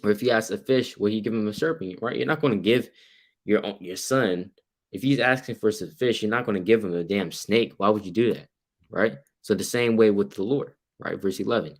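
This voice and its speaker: A man's voice: moderate pace, pauses often. A man teaching a casual Bible study, reading verses aloud and explaining them, asking "right?" again and again and acting out the people in the story. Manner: acts out quoted people with sudden louder, higher bursts. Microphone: computer mic while sharing his screen.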